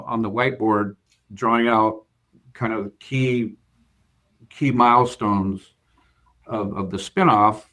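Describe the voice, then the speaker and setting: Speaking on the low side with a somewhat bright tone, this interview guest is a bank CFO. He recounts a work story in an earnest, hesitant manner, often using fillers and starting sentences over.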